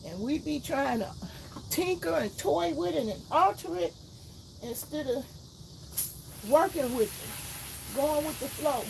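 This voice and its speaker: High, gravelly-voiced woman ranting on a livestream. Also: lively intonation, slow, pauses often, background noise. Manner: ranting, outspoken, swears freely. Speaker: gardening livestream host. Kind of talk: casual livestream chat. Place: garden outdoors, then indoors.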